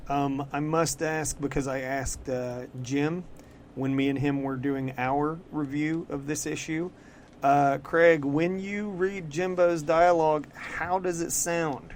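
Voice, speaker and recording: A man co-hosting a podcast, chatting casually about comics in a loose, profane way, full of "like" fillers and quick laughs. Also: a little high, fairly even intonation, a little hiss or hum. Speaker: podcast co-host. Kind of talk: casual comic-book chat.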